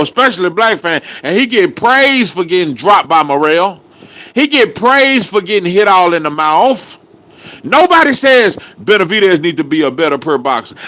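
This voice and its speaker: A man's voice: high voice, sharp tone. A man doing a heated, profane reaction rant as a boxing commentator, angry and full of slang.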